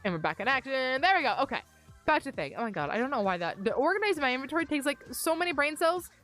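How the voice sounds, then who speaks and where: A young woman chats loosely during a gaming livestream, wandering from thought to thought and poking fun at herself. Her voice sits slightly high as she talks into a desk mic in her bedroom. Faint music plays in the background. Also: big pitch swings, rapid-fire, a bit bright. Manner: rambling, self-deprecating, chatty. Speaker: streamer. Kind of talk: casual gaming livestream chat. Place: upstairs bedroom at home. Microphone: desk mic on a mic arm.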